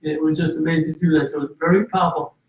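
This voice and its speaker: A man telling his story in an interview, earnest and full of restarts, with a slightly high voice. He sounds roomy and a little far from the microphone, and the sound is a touch dull. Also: steady tone, fast talker. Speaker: guest.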